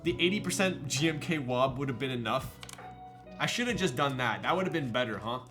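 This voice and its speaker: A man's voice: medium pitch, lively intonation, fairly quick, music in the background. A young man casually chatting on a live stream while building a keyboard, joking around and reading viewer messages aloud. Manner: joking, reads chat aloud, teasing.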